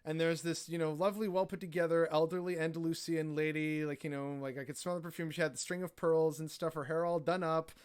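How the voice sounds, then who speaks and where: Chatty man with a slightly high voice. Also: little pitch movement, quick pace, few pauses, clear, resonant tone. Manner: rambling, heavy on filler words like "like" and "you know". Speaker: podcast guest. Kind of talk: casual travel storytelling.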